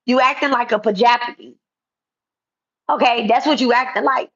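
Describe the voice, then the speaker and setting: A woman's voice: on the high side, moderate pace, a bit bright, husky. Blunt, confrontational woman on lo-fi audio. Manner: blunt, confrontational, repetitive, casual profanity. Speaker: spiritual content creator. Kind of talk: direct-to-camera callout vlog. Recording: dull lo-fi sound.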